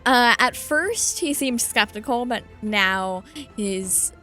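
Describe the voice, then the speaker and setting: Woman game master, giggly, slow to unhurried, higher voice, faint music bed. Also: expressive, sharp tone. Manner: giggly, easily breaking into laughter. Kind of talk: running a tabletop game.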